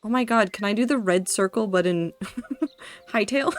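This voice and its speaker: A woman streaming herself building in a game, thinking aloud, talking to herself and her chat, quickly excited and dramatic. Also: medium pitch. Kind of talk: casual live-stream commentary while building in a game.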